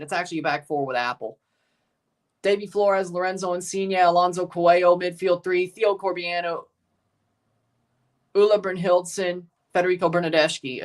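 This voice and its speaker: A man's voice: high voice, fairly bright tone. Rambling man hosting a live watchalong. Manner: rambling, repeats himself, chuckles often. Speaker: livestream host reading chat. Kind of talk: casual watchalong commentary.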